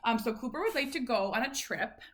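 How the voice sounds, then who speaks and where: Mom vlogger, bright and forceful tone, soft coaxing manner with playful high bursts. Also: female voice, animated, a little fast. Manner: soft and encouraging, swinging into playful high exclamations. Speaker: mother of the child in the video. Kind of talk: gentle coaxing talk to her son, and a casual talk to camera.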